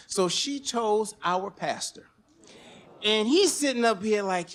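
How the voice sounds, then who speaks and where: A man telling a personal story on stage in an animated, conversational, slangy way. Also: sits high, normal speed. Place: stage at a museum event.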